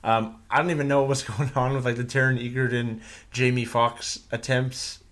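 A man co-hosting a podcast in casual chat, relaxed and hedging his opinions with "like" and "I feel". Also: medium pitch, moderate pace. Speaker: podcast co-host.

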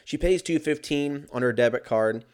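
A man's voice: fairly high pitch, normal speed, a little mellow. A man telling a story in a casual, profane, rambling and sarcastic rant.

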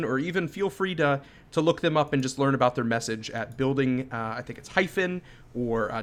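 A man's voice: medium pitch, fairly bright tone. A man in his thirties co-hosting a podcast, chatting in an upbeat, easily amused way. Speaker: podcast co-host. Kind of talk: casual chat.

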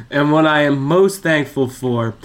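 A man hosting a casual sports podcast, playful and quick to laugh. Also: mid-range voice, noisy background. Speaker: podcast host.

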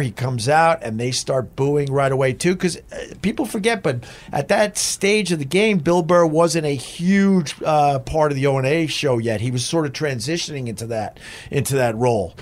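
A middle-aged man tells an old radio story at a relaxed pace. He swears freely and often circles back to restart his sentences. His voice sits a bit high. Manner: profane, rambling, with restarts. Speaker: guest, former radio host. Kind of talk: casual storytelling.

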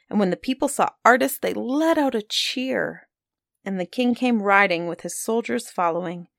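A woman reading a fairy tale aloud, lively and expressive, giving the characters small voices of their own. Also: medium pitch, no echo, studio quality. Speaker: storyteller. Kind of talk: storybook reading.

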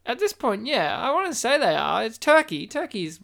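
A man co-hosting a casual movie watch-along podcast, chatty and joking with quick asides. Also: extremely high pitch, big pitch swings, creaky, sharp tone. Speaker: podcast co-host.

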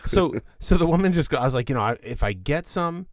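A man's voice: a little high, lively intonation, quick pace, no echo. Man, middle-aged, podcast co-host, casual storyteller, dry close sound. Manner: laid-back storytelling, acts out what others said. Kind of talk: casual chat.

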